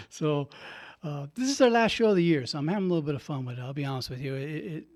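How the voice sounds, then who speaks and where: A man's voice: a little high, darkish tone. Chatty older man hosting radio. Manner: chatty, laughing, acts out his own quotes. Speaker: radio show host and priest. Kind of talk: casual storytelling monologue. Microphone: studio microphone.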